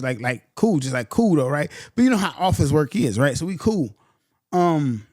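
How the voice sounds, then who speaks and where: A man's voice: on the high side, dry recording, studio quality. Heated storytelling man. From San Antonio, Texas. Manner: animated, heated, slangy, says "bro" a lot. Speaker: podcast host. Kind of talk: casual storytelling.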